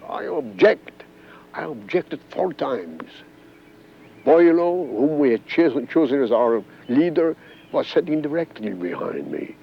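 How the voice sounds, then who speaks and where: A man's voice: mid-range voice, a little hiss or hum. An older man from Corsica, a former congressman, telling his own story in an oral history interview and acting out the dialogue he quotes. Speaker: former congressman recalling events. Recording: dull archival interview tape.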